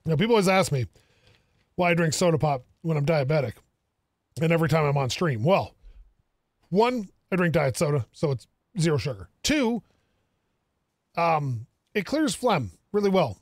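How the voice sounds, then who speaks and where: A man's voice: fairly high pitch, very animated, normal speed, long pauses, dry recording, clean studio sound. A man streaming a game, casually thinking aloud and joking with the characters on screen. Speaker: gaming streamer. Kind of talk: casual gameplay commentary.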